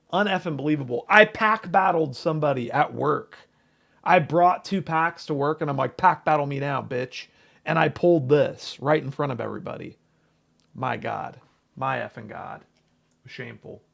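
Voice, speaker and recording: Gravelly, excitable male streamer. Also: a little high. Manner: excitable, profane, reads chat names aloud. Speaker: livestream host. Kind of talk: casual livestream chat.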